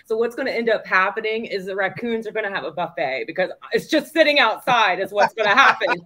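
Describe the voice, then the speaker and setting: A woman's voice: medium pitch, fairly quick, bright, forceful tone. A woman co-hosting a casual talk show, blunt and self-deprecating, with frequent swearing. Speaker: co-host, writer. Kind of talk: casual chat.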